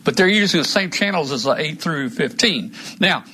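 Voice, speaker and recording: A man's voice: on the high side, expressive, moderate pace, sharp tone, husky. Rambling man on a hobby live stream. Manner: rambling, restarts often, trails off. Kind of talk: casual live stream chat.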